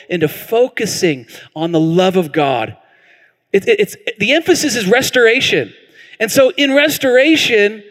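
Lively high-voiced man preaching. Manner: animated storytelling with acted-out quotes. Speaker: pastor. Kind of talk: sermon. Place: church hall. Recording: reverberant church hall.

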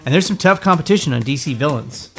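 A man hosting a casual pop-culture podcast, talking in an excitable, rambling way. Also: on the high side, fast, soft background music. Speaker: podcast host.

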